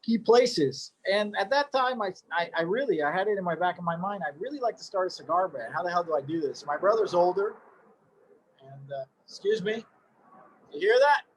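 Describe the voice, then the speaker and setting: A man's voice: sits high, expressive, fairly quick, a little hiss or hum. A middle-aged man casually telling his story as a cigar maker, rambling with joking asides and lots of fillers.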